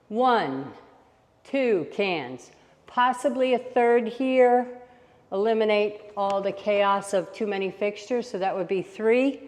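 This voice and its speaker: A woman's voice: mid-range voice, a little mellow, big-room sound. A woman interior designer walking through a kitchen under renovation, explaining her lighting plan in a practical, reassuring way and thinking aloud as she counts fixtures. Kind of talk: casual on-site walkthrough tutorial.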